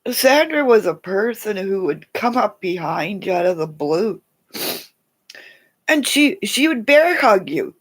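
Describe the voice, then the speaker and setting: Woman livestreamer, rambling chat, swooping up and down in pitch, soft whispered asides. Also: sing-song, a little slow. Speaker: livestream host.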